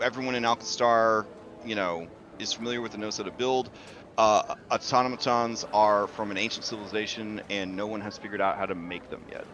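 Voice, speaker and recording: A man's voice: fairly low pitch, a bit bright, slight background noise. A man acting as game master, narrating a tabletop game casually and using lots of filler words. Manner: casual, filler-heavy, explanatory.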